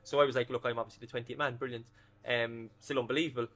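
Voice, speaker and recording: A former footballer in his thirties, a guest in a casual interview, talks fast about his playing days. His mid-range voice is bright and forceful, and his anecdotes come with lively energy and plenty of swearing.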